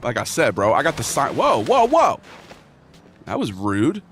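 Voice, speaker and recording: A man's voice: mid-range voice, huge pitch swings, unhurried, a bit bright, slight background noise. A young man streaming live and chatting casually, full of slang, rambling and reading chat aloud.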